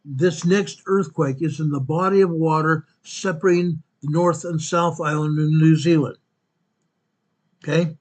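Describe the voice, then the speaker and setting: Male host with a somewhat high voice, walks through a map and reads each quake figure twice, corrects himself on the fly. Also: fairly even intonation, measured pace. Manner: corrects himself mid-sentence. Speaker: earthquake report host. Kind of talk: narrating a map-based earthquake update.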